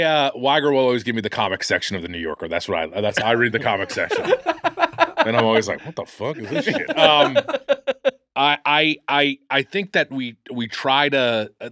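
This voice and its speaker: A man's voice: mid-range voice, big pitch swings, fairly quick, pushed and bright, dry recording, clean studio sound. A man co-hosting a comedy podcast, talking emphatically with lots of swearing and stumbling restarts. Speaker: podcast co-host. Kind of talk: casual comedic chat.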